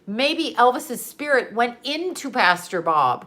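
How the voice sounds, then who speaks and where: A woman's voice: mid-range voice, animated, normal speed, fairly bright tone. Blunt, profane middle-aged woman streaming. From Canada. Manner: blunt, profane, emphatic, laughs often. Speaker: livestream host. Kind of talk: casual livestream chat.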